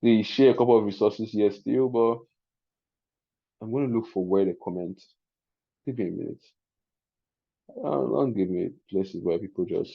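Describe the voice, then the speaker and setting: A man with a Nigerian accent hosting a live webinar, chatty and excitable, often laughing as he teaches. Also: on the low side, moderate pace, gravelly, pauses often, breathy edge, dull audio. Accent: Nigerian English. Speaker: webinar host.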